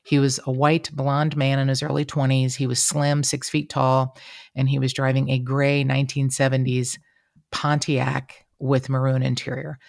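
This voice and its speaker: A woman's voice: extremely low pitch, moderate pace, vocal fry, dry recording, clean studio sound. A woman, co-hosting a casual true-crime podcast, talking emotionally and acting out what people said. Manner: chatty, emotional, quotes people in lively voices. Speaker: podcast co-host. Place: podcast room.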